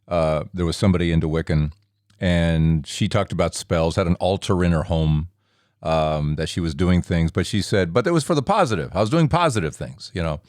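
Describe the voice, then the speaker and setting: A man's voice: low voice, brisk, a little mellow, dry recording, studio quality. A man hosting a podcast, interviewing a guest and asking short, curious follow-up questions. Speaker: podcast host.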